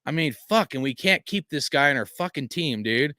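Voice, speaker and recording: A man's voice: fairly high pitch, expressive, moderate pace, bright, forceful tone, no room sound, studio quality. A man hosting a fan stream, venting in a frustrated, profane rant full of fillers while reading chat, tired after a long day. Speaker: fan channel host.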